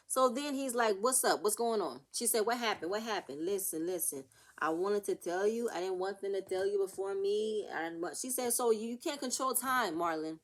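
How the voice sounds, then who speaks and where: A young woman casually recapping a reality TV episode, ranting and acting out the cast's arguments in an animated way. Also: mid-range voice, brisk. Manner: animated, rants and acts out the cast's quotes.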